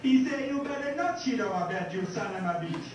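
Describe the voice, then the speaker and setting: Man voicing a comic Italian tourist, high and cheeky, broken English, recorded far off in a noisy echoing room. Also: animated, a little fast. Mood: joking. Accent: Italian (put on). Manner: broken English, storytelling punchlines. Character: bumbling Italian tourist man telling a joke.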